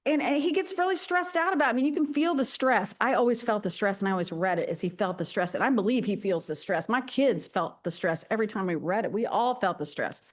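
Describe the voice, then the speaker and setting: A woman's voice: a little high, fairly quick, hardly any pauses. An older woman pastor delivering a sermon in a playful, dramatic and emphatic way.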